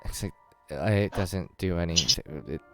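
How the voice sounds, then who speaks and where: A man's voice: sits low, expressive, normal speed, faint music behind. A man running a tabletop game as dungeon master, rambling with lots of ums and self-corrections.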